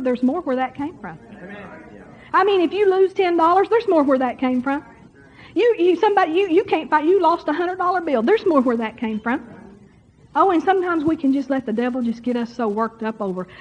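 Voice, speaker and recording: Woman, sermon, folksy and chatty, high voice, muffled lo-fi recording. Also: animated, brisk. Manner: folksy, chatty, talks straight to the crowd. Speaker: preacher. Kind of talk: sermon to a congregation.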